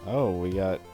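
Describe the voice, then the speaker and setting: A man gives casual, joking commentary while playing through a game. His voice sits low and moves widely in pitch. He talks at an unhurried pace with faint music behind. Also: dark tone. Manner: laughs, joking asides. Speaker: gamer reading all voices.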